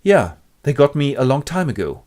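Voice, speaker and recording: A cold, smug interrogator, voiced by a man, calm and measured with mocking politeness. His lively, rising delivery keeps a teasing edge in a comic storybook retelling. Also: medium pitch, voice pushed up, lightly acted.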